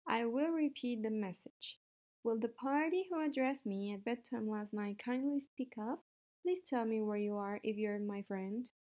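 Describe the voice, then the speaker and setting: A woman's voice: on the high side, normal speed, a little mellow, close to an everyday voice. A woman voicing an earnest, eager young male pig in a storybook reading. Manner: polite, pleading.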